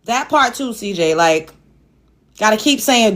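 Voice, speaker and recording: A woman's voice: medium pitch, expressive, moderate pace. A woman from Brooklyn with a New York accent, hosting a live panel chat in a blunt, profane, exasperated way. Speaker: host.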